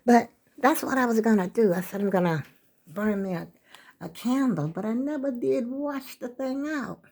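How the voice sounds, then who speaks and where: A woman's voice: fairly high pitch, normal speed, darkish tone. An older woman chatting casually and rambling to her viewers as a vlogger, her throat scratchy and catching on coughs. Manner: rambling, folksy, talks straight to viewers.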